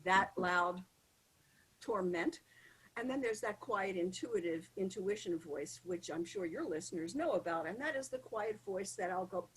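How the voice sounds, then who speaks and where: A woman's voice: mid-range voice, a little slow, slightly rough, poor audio. A woman coaching on public speaking as a podcast guest, talking emphatically and acting out the voices in people's heads. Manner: lively, emphatic, acts out inner voices. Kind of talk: podcast interview conversation.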